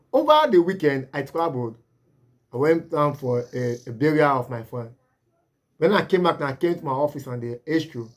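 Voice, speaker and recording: A man with a Nigerian accent talks straight to camera about his laundry trade. He lectures earnestly and repeats himself, and his voice sits a little high. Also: a little mellow. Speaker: laundry business owner. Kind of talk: advice talk to camera.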